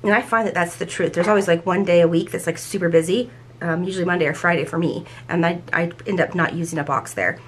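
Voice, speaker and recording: A woman's voice: on the low side, fairly even intonation, quick pace, a little hiss or hum. A woman hosting a planner channel, talking casually and enthusiastically as she shows off stickers, often restarting her sentences. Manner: enthusiastic, rambling with frequent restarts. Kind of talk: casual show-and-tell haul.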